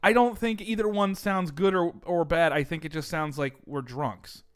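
A man from the United States co-hosting a podcast, chatting casually and sarcastically, quick to tease and swear. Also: a little high, fairly even intonation, clean tone. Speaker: podcast co-host. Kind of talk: casual banter.

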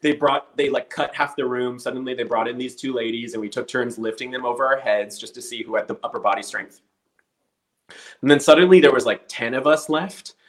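A man's voice: medium pitch, fairly quick, rough recording. A man telling a story casually, acting out the voices of the people in it. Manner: animated storyteller acting out quotes.

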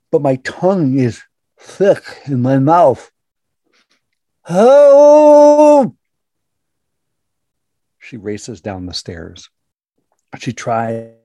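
An older man from Minnesota telling a personal story aloud in the present tense, measured and dramatic, with long pauses. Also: fairly low pitch, creaky, dark tone, husky, no room sound. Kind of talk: personal story told to an audience.

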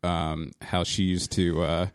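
A man in his thirties from New Jersey, rambling through a casual podcast chat with many halting restarts. His voice sits very low. The recording is close and dry, made in a small home studio. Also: flat delivery, clear, resonant tone, no echo. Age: 30s. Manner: rambling, halting, laughs often. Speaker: podcast co-host. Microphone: podcast mic in a small home studio.

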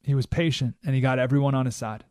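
A man hosting a talk radio show, delivering an animated monologue and acting out quoted voices with sudden jumps in pitch. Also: quick pace, dry recording, clean studio sound.

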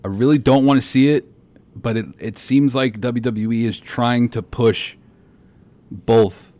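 A man co-hosting a casual talk show and giving quick, joking opinions. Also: medium pitch, steady tone, dark tone. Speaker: podcast co-host. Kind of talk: casual wrestling chat.

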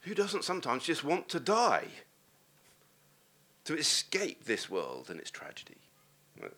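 A man's voice: on the high side, huge pitch swings, a little slow, pauses often, pushed and bright. A man preaching a sermon, earnest and posing rhetorical questions to the congregation.

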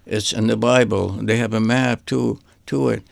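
An older man who is an artist, telling personal memories in a halting way and repeating words as he searches for them. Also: on the low side, fairly even intonation, gravelly, no echo. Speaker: artist guest. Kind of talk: rambling personal reminiscence.

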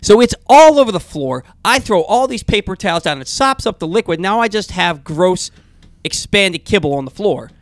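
Lively higher-voiced male radio host. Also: moderate pace, no room sound. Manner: animated rambling storyteller, restarts often. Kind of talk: casual talk radio chat.

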